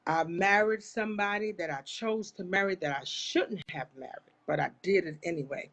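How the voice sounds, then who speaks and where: Speaking straight to her audience with churchy passion, this live-stream host runs a casual online talk show. Her voice is fairly low and fairly bright, delivered at normal speed.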